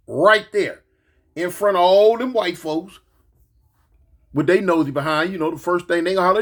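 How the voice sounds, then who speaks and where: Man, 40s, grandfather. Raised voice, animated storytelling, acts out every quote. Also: sits high, moderate pace. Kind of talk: casual storytelling monologue.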